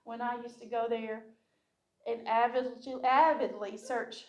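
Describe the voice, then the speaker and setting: Woman, church testimony, storytelling, voices the people in her story, slightly high voice. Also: steady tone, measured pace. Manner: heartfelt storytelling, acting out what people said. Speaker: church member sharing a testimony. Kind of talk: personal testimony to a congregation.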